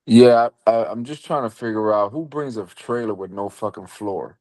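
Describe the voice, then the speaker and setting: A man's voice: fairly low pitch, normal speed, a little mellow, no echo. Blunt, profane man asking questions. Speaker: group member asking questions. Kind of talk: casual group chat.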